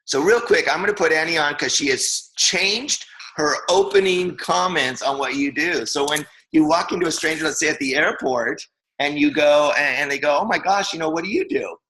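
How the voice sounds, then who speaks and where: A man's voice: fairly high pitch, normal speed, bright, forceful tone, rough recording. A man in his fifties giving a casual, enthusiastic training talk, rambling with restarts. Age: 50s. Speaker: co-host.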